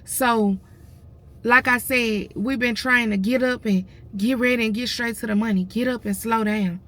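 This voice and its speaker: A woman's voice: on the high side, steady tone, moderate pace, fairly bright tone. A woman, close to tears, telling her viewers a story in a casual, emotional vlog. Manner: tearful, addresses viewers as y'all. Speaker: vlogger.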